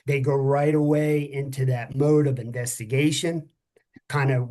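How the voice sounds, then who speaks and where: A middle-aged man, a former police officer, talking frankly and a little tiredly, often pausing to find his words and swearing casually. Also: mid-range voice, a little mellow. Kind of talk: candid conversational podcast talk.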